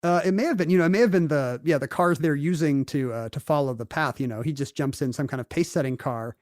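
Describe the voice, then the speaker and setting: A man's voice: a little high, fast, no echo, clean studio sound. A man co-hosting a podcast, joking and laughing often as he playfully retells history in casual chat. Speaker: podcast co-host.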